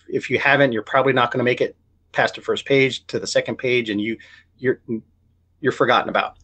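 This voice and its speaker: A man's voice: medium pitch, a bit bright. A male writer being interviewed, talking in a rambling way full of restarts and self-corrections, and acting out other people's words in quoted voices. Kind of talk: casual interview chat.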